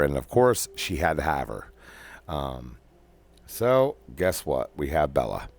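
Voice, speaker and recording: Slow, very deep-voiced man rambling casually. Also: sing-song, gravelly. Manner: rambling with many ums and restarts. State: has the hiccups. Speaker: podcast host. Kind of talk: casual personal monologue.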